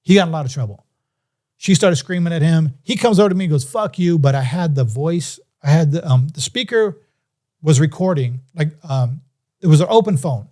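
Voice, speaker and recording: Mellow-voiced man telling a story. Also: a little high, fairly quick. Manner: animated, acts out quoted voices. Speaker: podcast guest. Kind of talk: casual storytelling.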